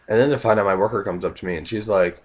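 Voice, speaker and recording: Hoarse man, casual comic storyteller, rambling with lots of "like". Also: fairly low pitch, racing. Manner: rambling, full of "like" and "you know", voices in the quotes. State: hoarse, losing his voice. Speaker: vlogger.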